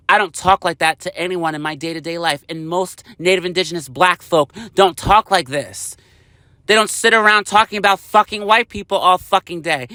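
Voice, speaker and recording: High, sharp-voiced man ranting angrily. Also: no echo. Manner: heated, profane, emphatic. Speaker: vlogger. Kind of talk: angry political rant.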